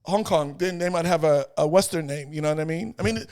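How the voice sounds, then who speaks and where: A middle-aged man, telling stories as an interview guest in an animated way, repeating phrases and acting out voices. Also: a little high, fast talker. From New York. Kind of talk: casual storytelling chat.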